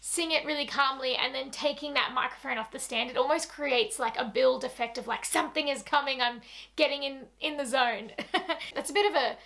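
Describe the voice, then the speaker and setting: A woman's voice: high-pitched, brisk, creaky, bright, forceful tone. A woman reacting to a singer and breaking down his performance technique. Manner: analytical, discusses performance technique. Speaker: music reactor. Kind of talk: analytical reaction commentary.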